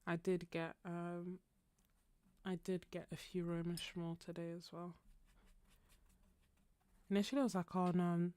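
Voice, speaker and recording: A woman hosting a casual live painting stream, chatting with viewers and laughing often, her throat slightly husky. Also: on the low side, flat delivery, measured pace, pauses often, dark tone, dry recording. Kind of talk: casual chat while painting.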